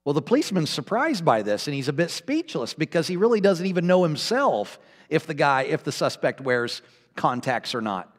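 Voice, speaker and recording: A man's voice: a little high, sing-song, moderate pace. A man preaching a sermon as pastor, telling a joke with a playful, chuckling storyteller's manner. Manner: jokey storytelling, chuckling at his own jokes. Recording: long reverb of a hall.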